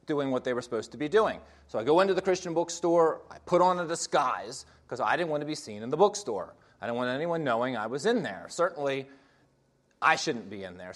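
A man casually telling his personal story in a wry, self-mocking way. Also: a little high.

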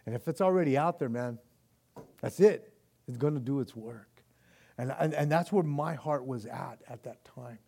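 A man's voice: mid-range voice, moderate pace, creaky, mellow, husky. A man preaching a sermon as pastor in a casual, slangy way that builds to impassioned intensity.

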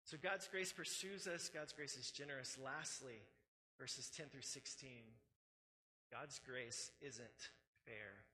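A man's voice: mid-range voice, slow pace, sharp tone, in a large hall, rough recording. A man preaching a sermon as pastor, emphatic and repetitive, mixing scripture reading with casual conversational asides.

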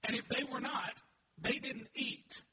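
A very high-pitched man delivering an earnest, emphatic sermon. He sounds far from the mic in an echoey church hall. A steady hum of room noise sits behind him. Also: unhurried. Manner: earnest, emphatic preaching with audience prompts. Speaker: pastor. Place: large church sanctuary.

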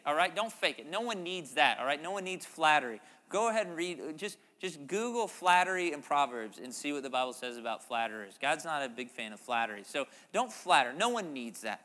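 Guy pastor preaching, kinda high bright voice, chatty and animated, big echoey church hall. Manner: conversational, animated preaching with asides. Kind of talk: sermon.

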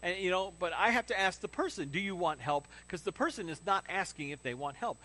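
A male pastor preaching to his congregation in a high, bright voice. He keeps it conversational and drops in rhetorical questions and humor. When he plays out stubborn self-reliance, his voice climbs and presses harder. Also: expressive, fast talker. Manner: conversational preaching with audience asides; mimics stubborn guys with rising emphasis. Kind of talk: sermon. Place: church sanctuary.

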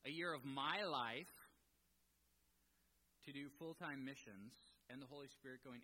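A man preaching a sermon, telling a personal story with animated, self-deprecating asides before turning to teaching. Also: mid-range voice, unhurried. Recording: long hall reverb.

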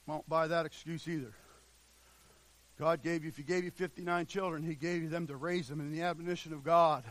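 A man preaching a sermon with fervor, drawing out the scripture he reads and swinging from shouts to hushed passages. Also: fairly high pitch, fairly even intonation. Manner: drawn-out emphatic scripture reading.

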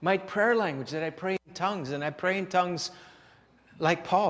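A male pastor with a notably high voice preaches in a chatty, conversational style, stumbling over and repeating words as he goes. He keeps asking his congregation rhetorical questions. His voice carries a long reverb from the church hall. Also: moderate pace, a bit bright. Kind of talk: sermon.

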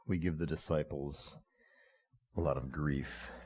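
A man preaching a sermon, slow and reflective, asking the listeners questions. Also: a bass voice, fairly even intonation, darkish tone, husky.

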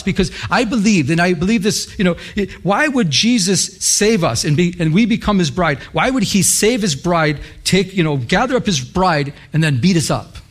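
A pastor telling a story in a sermon, quoting scripture, lively at times and hushed at others. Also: male voice, sits high. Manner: animated, quotes scripture, drops to hushed intensity.

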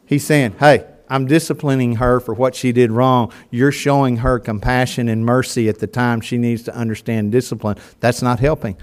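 An older man preaching a sermon to his congregation, telling folksy stories and swinging between loud and soft. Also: mid-range voice. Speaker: pastor. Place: church sanctuary before a congregation.

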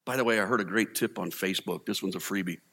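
A man's voice: sits low, quick pace, vocal fry, bright, forceful tone, breathy edge. Male pastor, chatty humorous sermon delivery, long hall reverb. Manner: humorous, conversational preaching with acted quotes.

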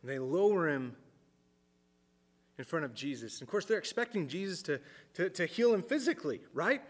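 A man preaching a sermon in an earnest way, repeating words as he thinks aloud and dropping his voice low for emphasis. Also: sing-song, moderate pace, long reverb tail. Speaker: pastor.

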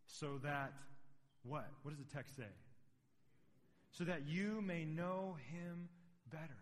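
A middle-aged man preaching a sermon as pastor, conversational and building to emphatic points. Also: on the high side. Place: church sanctuary. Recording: long reverb of a large hall.

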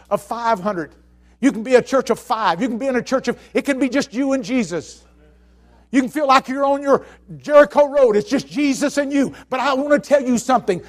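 High-voiced preacher swinging soft to loud. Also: male voice. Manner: storytelling, swings from hushed to shouting; stammering restarts. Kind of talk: sermon.

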